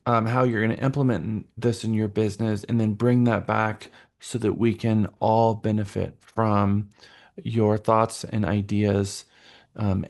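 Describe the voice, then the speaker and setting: A man's voice: lowish voice, darkish tone. A man leading a live real estate workshop and giving instructions to participants, talking in a directive, stop-and-start way with fillers.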